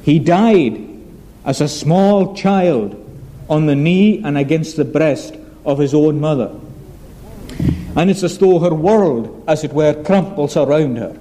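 A male pastor preaching a sermon in an earnest, measured way, slowing down on emphatic phrases. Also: fairly high pitch, lively intonation, dark tone, low-quality recording.

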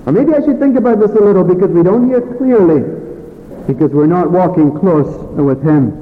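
A man preaching a sermon in an earnest way, pausing often with fillers and restarts. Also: high-pitched. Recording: phone-like thin sound with long hall reverb.

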